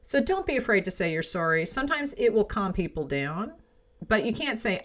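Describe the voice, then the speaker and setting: A woman's voice: mid-range voice, very animated, brisk, a bit bright. A middle-aged woman hosts a small business podcast in a casual, frank advice style. She talks in a chatty way, checking in with listeners through little "right?" and "okay?" asides. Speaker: podcast host.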